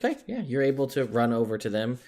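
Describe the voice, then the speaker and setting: Game master, male, mid-pitched, halting and amused narration. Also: big pitch swings, a little mellow. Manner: halting, filler-heavy, amused.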